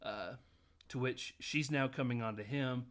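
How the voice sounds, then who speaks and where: A man's voice: mid-range voice, measured pace, fairly bright tone. A man hosting a casual podcast, recapping a film scene by scene and acting out the lines, often laughing. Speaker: podcast host.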